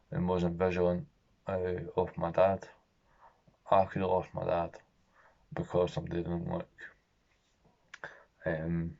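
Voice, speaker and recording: A young man vlogging, telling a personal story in a halting, profane, emotionally raw way. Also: sits low, vocal fry, warm tone. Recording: dull lo-fi recording.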